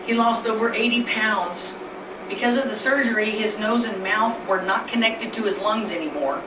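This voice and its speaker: A woman's voice: on the high side, normal speed. Woman telling a story in an echoey room. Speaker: speaker telling her family's story. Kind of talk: personal storytelling presentation. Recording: echoey room, distant mic, noisy.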